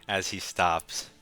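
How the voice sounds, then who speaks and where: A young man giving casual, quick play-by-play of his own chess game with wry asides. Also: pushed and bright. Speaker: chess streamer. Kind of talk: casual live game commentary.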